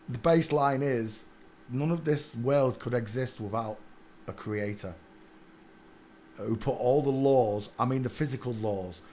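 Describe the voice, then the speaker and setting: A man hosting a live stream, rambling through a monologue and now and then bursting into excited shouts. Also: medium pitch, slight background noise. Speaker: livestream host.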